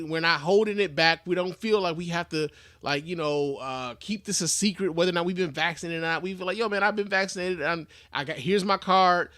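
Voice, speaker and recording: A man hosting his own podcast, giving casual, animated commentary on the news with frequent restarts and casual swearing. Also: on the high side, dry recording, studio quality. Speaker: podcast host.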